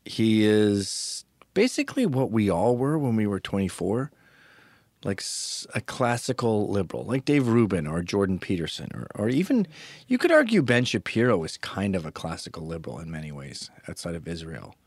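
Sarcasm and crude humor fill a very animated solo podcast ramble from a man whose fairly low, slightly mellow voice moves at a moderate pace. The sound is dry and close, without room echo.

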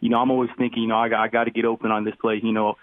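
A young man and college football player, answering interview questions quickly with lots of fillers over a phone line. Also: fairly low pitch, flat delivery, no echo. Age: young adult. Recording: tinny dry phone line.

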